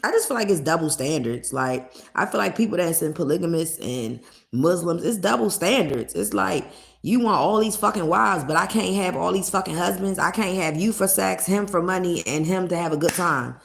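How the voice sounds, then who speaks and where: Woman streamer, young, low gravelly voice, blunt and profane, casual live chat. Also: expressive, moderate pace. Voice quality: blunt, profane, laughing asides. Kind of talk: casual livestream chat with viewers.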